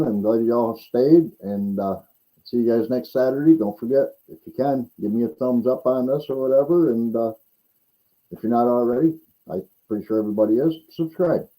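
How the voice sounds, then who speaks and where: A man's voice: medium pitch, normal speed, warm tone, rough recording. A man hosting a casual livestream, telling rambling stories with repeated words and chuckles. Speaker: host.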